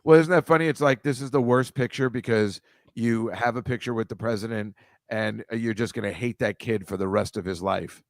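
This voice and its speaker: A man hosts a loose chat over a video call, talking through slides in a rambling, wry way. He mocks what he shows and swears freely. His voice is mid-pitched and the sound is dry, with no room echo. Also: fairly quick. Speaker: host.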